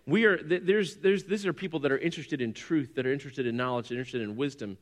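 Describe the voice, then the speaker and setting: A man in his forties preaching a sermon, telling a personal story and swinging from quiet to loud, excited bursts. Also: mid-range voice, quick pace. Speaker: pastor. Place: church hall. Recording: long hall reverb.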